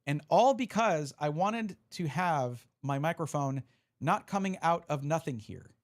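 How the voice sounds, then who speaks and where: A man's voice: fairly high pitch, animated, a little slow. A man live-streaming, chatting casually and reading out viewer messages as he opens card packs. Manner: chatty, reads chat aloud, restarts often.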